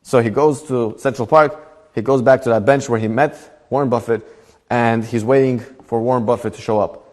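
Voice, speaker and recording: A man, a rabbi, telling a story in a Torah class in a lively storytelling manner. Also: mid-range voice, normal speed, big-room sound. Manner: animated storytelling with voiced characters.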